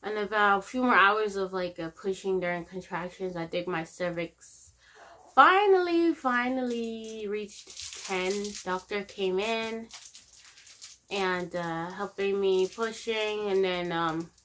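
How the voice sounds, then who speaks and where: A young woman vlogging at home, telling a personal story in a rambling, halting way with lots of fillers and restarts. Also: medium pitch, fairly even intonation, fairly bright tone, a little hiss or hum. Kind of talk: casual storytelling to camera.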